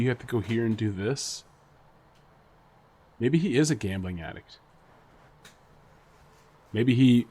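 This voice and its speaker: Male podcast co-host, fairly low voice, loose rambling delivery with lots of laughter. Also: darkish tone, breathy edge. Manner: rambling, laughs often, speculative. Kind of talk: casual chat.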